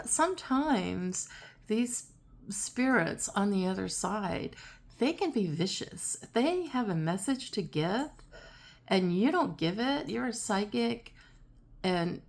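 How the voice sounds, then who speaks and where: A woman psychic telling a personal story in a chatty, casual way, repeating herself and getting animated when she quotes people. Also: fairly low pitch. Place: home, seated in a rocking chair.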